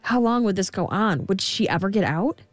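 A woman telling a fairy tale in scripted narration, expressive, giving the girl a higher voice. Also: moderate pace, soft background music. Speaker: storyteller.

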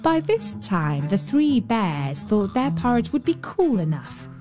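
A woman narrating a fairy tale in a gentle, measured storytelling manner. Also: mid-range voice, big pitch swings, loud music behind the voice. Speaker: storyteller host.

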